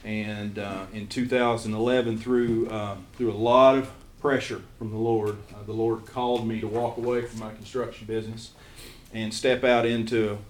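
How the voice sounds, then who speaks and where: A church missions pastor with an Eastern Kentucky accent tells a small group his calling story as a casual testimony, speaking earnestly but haltingly with frequent restarts. His voice is on the low side and flat. The room is echoey with faint background noise.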